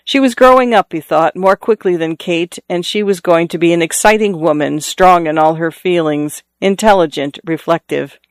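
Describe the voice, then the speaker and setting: A man reading a novel aloud in a measured storytelling manner, lifting his voice for characters' calls. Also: clear, resonant tone, no echo, clean studio sound. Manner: measured storytelling, lifts pitch for quoted calls. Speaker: audiobook narrator. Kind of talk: scripted narration.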